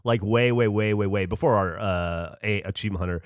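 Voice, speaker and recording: A man's voice: on the low side, fairly quick, clean tone, dry recording, studio quality. A tired man co-hosting a podcast, teasing his friends while telling stories in casual chat. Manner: teasing storyteller. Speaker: podcast co-host.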